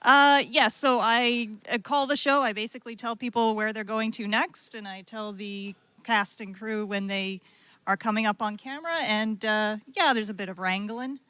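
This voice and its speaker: Bright-voiced woman, hesitant. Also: a little high, normal speed, clean tone, dry recording. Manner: hesitant, good-humored. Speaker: show caller. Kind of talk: casual chat.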